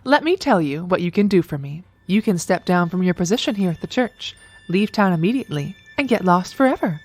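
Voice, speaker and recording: A woman's voice: fairly low pitch, animated, a little fast, a little mellow. An actress playing a cold upper-class mother who speaks in precise, cutting insults.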